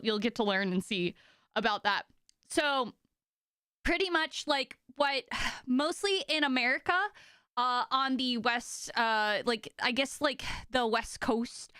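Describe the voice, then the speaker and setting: A woman's voice: fairly high pitch, pushed and bright, clean tone, no echo, studio quality. A young woman giving a casual, chatty lesson about animals, full of fillers and enthusiastic asides. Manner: reads and answers chat questions. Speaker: streamer teaching about sea otters. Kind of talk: casual educational talk.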